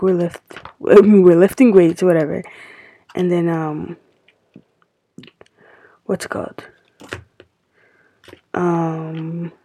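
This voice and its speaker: Husky low-voiced woman podcasting. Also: warm tone, rough recording. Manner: rambling, heavy use of "like" fillers; drops to a near-whisper at times. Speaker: podcast host. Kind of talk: casual confessional podcast storytelling.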